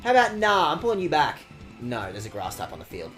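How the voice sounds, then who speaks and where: A man streaming a video game, chatting casually with his viewers in a sarcastic, animated way and swearing often. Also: on the low side, fast, faint music behind.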